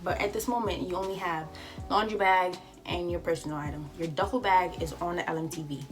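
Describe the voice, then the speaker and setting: Young woman vlogger, animated and chatty, giving advice, faint music behind. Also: lowish voice, fairly quick. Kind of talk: casual storytime vlog. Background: faint background music.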